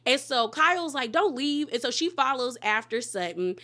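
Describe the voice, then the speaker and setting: A woman hosting a reality TV recap, talking in a casual, animated and opinionated way with slangy, sassy asides. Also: high-pitched, moderate pace. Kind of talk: casual gossip recap commentary.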